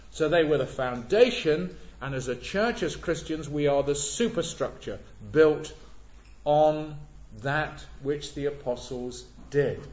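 Slow, emphatic preacher in echoey church. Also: male voice, fairly high pitch, darkish tone. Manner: measured, emphatic, stresses repeated words. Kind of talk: sermon. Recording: echoey church, dull lo-fi sound.

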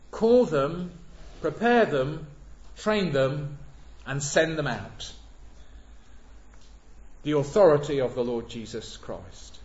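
A man preaching a sermon, measured and emphatic, leaning on repeated words. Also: a little high, a little mellow. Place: church. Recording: echoey church, dull lo-fi sound.

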